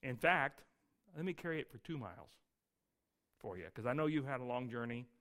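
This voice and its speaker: A preacher playing a humble follower who gently offers to carry a soldier's pack. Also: male voice, mid-range voice, animated, fairly quick, pitched below the performer's own voice, close to an everyday voice. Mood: gentle. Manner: gentle, soft-spoken. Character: meek, kindly male follower offering help.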